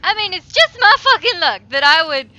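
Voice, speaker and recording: A woman's voice: very high-pitched, big pitch swings, normal speed, bright, forceful tone, a little hiss or hum. A woman commentating a game, jittery and swearing, muttering to herself, her microphone flipped up above her head. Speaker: let's play host. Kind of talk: gameplay commentary. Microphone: headset mic flipped up above head.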